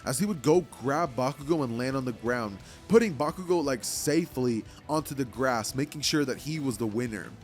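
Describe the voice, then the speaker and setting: A man's voice: mid-range voice, animated, normal speed, few pauses, soft background music. A man casually telling a fan-made story, rambling and filling with "like" and "you know".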